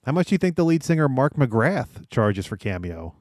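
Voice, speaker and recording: A man's voice: medium pitch, very animated, normal speed, a little mellow, no echo, studio quality. Man hosting a casual guessing game. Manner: quizzes the others, moves the game along. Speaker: podcast host running a guessing game. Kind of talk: casual chat.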